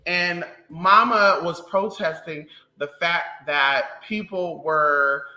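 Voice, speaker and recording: A livestream host ranting casually to viewers in a sassy, profane, animated way. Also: medium pitch, takes it slowly, low-quality recording. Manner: animated storytelling.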